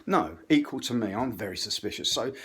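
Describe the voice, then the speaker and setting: A man's voice: mid-range voice, lively intonation, fairly quick, breathy edge. An English man telling a rambling, profane story in a stand-up style, often interrupting himself. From England. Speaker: comedian.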